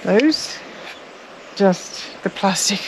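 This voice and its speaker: A chatty Australian woman talks about her garden outdoors, laughing now and then and fumbling for words. Her voice sits in a middle range, with clear outdoor noise behind her. The mic is set some way off. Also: medium pitch, expressive, drawn-out words, low-quality recording. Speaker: co-host of a gardening channel. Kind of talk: casual chat.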